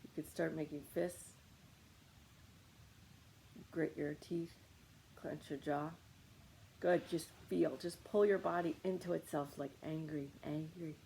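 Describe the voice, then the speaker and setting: A woman's voice: sits low, steady tone, slow pace, gravelly, pauses often, dark tone, slight background noise, low-quality recording. A woman leading a guided meditation on anger, coaching listeners with short repeated commands.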